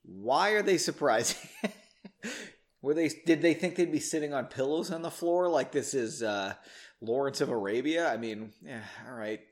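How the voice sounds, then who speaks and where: Reading his own book aloud, a man keeps breaking off for joking, self-mocking asides and laughs between passages, a little tipsy from drinking. His medium-pitched voice has lively intonation and an unhurried pace.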